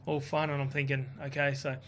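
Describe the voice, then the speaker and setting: A man telling a story in a casual chat, animated and swearing, quoting others in his own voice. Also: medium pitch, a little fast, a little hiss or hum. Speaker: guest.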